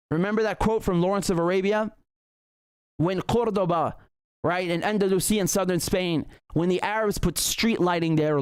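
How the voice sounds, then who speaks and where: A man's voice: high-pitched, dry recording, clean studio sound. A man hosting a livestream political commentary show, ranting heatedly with profanity and frequent restarts. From Britain.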